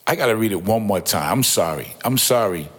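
A man's voice: fairly low pitch, animated, fairly quick, breathy edge. A man giving an informal, emphatic Bible commentary, often repeating himself and exclaiming in awe. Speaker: Bible teacher.

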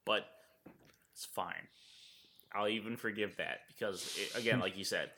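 A man's voice: on the low side, a little slow, pushed and bright. A man co-hosting a podcast, agreeing easily in casual banter and swearing offhandedly. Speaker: podcast co-host.

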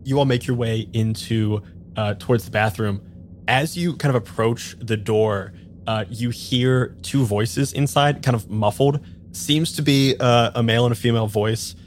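A man running a tabletop game as game master, narrating scenes in a relaxed way with occasional fillers. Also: medium pitch, normal speed, a little hiss or hum.

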